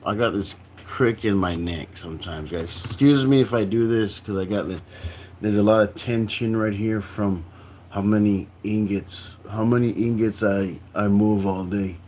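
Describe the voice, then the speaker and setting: A tired young man with a lowish voice rambles through a casual livestream chat, stacking "like" and false starts as he goes. A faint hum of room ambience sits behind him. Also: normal speed, a little mellow. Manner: rambling, full of "like" and restarts.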